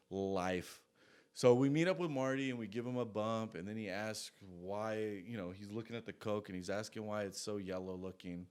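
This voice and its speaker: A man's voice: fairly low pitch, clear, resonant tone. A man telling a story in a casual, rambling way, swearing a lot and trailing off into asides.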